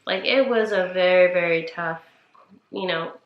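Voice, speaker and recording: Speaking unhurriedly in a lowish voice, this twentysomething podcast co-host comes through with lo-fi sound in a room full of echo. Her advice is casual and sincere, peppered with "like," and she addresses the audience directly as "you guys."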